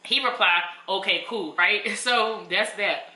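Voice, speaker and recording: A woman's voice: medium pitch, slow pace, bright, forceful tone, echoey room, poor audio. A young woman, telling a story casually and emphatically while eating. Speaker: vlogger.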